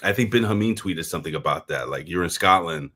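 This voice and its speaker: A man with a New York accent talks wrestling in a loose, meandering way, swearing freely and stumbling over repeated words. His voice sits very low. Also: lively intonation, quick pace, a bit bright, breathy edge. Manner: rambling, profane, repeats words and fills with "um". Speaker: co-host of a wrestling review show. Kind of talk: casual livestream chat.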